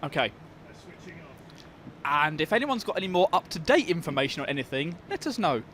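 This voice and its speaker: A man in his thirties co-commentates on a live race stream with dry, quick banter. His voice is high and very animated, and he talks at a brisk clip over faint background noise.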